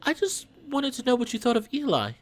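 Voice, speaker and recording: A man's voice: very high-pitched, huge pitch swings, brisk, voice pushed up, full character voice. A man voicing a friendly, earnest young male cat in a visual novel read-along. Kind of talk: reading a visual novel aloud.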